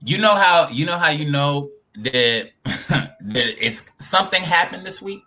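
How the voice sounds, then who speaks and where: A man co-hosting a casual podcast chat, animated and profane, laughing often and acting out quotes. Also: a little high, measured pace. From New York. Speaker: podcast co-host.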